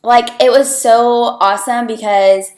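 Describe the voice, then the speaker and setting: A woman's voice: a little high, steady tone, measured pace, darkish tone. A young woman, a student on a clinical rotation, talking earnestly and chattily to her viewers and saying "like" a lot. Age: young adult. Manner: chatty, earnest, heavy use of "like". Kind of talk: casual personal vlog. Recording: roomy echo.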